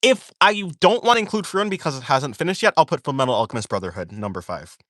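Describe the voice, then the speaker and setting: Male streamer, casual chat. He rambles and corrects himself mid-sentence, with lots of "like" fillers, and his pitch swings a lot. Dry, close sound. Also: sing-song, fast, fairly bright tone, no room sound. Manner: reads viewer questions aloud and answers them. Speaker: art streamer chatting with viewers.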